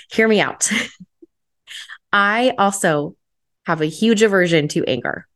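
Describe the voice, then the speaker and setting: A woman's voice: lowish voice, slow pace, long pauses, a bit bright. Chatty upbeat woman podcast host. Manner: chatty, upbeat, many fillers. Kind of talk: solo podcast monologue.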